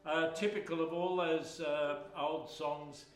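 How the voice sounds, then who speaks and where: A man's voice: a little high, fairly even intonation, takes it slowly, faint music behind. A man, a folk singer and storyteller, spinning humorous, rambling yarns between songs on a live stage. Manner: rambling, humorous, chatty with fillers. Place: live music hall. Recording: roomy live hall with accordion.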